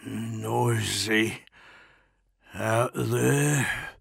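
A man's voice: extremely high pitch, expressive, drawn-out words, vocal fry, breathy edge, no echo, clean studio sound, pitched above the performer's own voice, heavily acted. A man voicing a defiant wounded male captive who wheezes and raves, coughing blood. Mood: muttering. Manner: raving, half-shouted.

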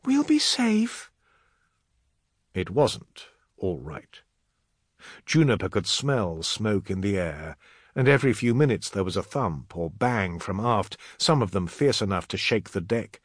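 A man narrating an audiobook in a dramatic, expressive reading. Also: low voice, measured pace, no room sound, studio quality.

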